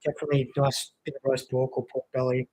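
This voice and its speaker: A man's voice: mid-range voice, monotone, fast talker, mellow, poor audio. A young man chatting casually on a stream, rambling with lots of fillers. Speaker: co-host of a cricket watchalong stream. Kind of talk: casual chat.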